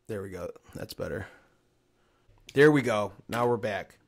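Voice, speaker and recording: A man's voice: lowish voice, animated, a little slow, vocal fry, slight background noise. A man hosting a casual sports podcast, ranting in a heated, profane way. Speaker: podcast host.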